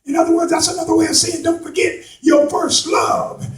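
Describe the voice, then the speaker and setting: A man preaching a sermon to a responding congregation, building from slow talk into impassioned shouts with folksy turns of phrase. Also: very high-pitched, flat delivery. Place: church sanctuary. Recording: echoey hall, voice from a distance.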